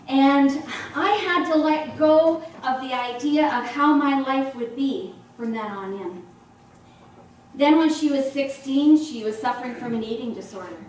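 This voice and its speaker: A woman's voice: sits high, slight background noise. A middle-aged woman minister giving a sermon, telling stories in a conversational way. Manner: warm conversational storytelling. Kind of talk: sermon with storytelling. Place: church sanctuary. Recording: echoey hall from far off.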